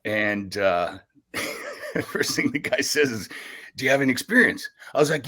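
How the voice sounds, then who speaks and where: A middle-aged man, a radio host, telling stories in a casual podcast chat, animated and laughing often as he acts out other people's lines. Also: medium pitch, a little slow. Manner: animated storyteller, bursts of laughter, acts out quoted voices.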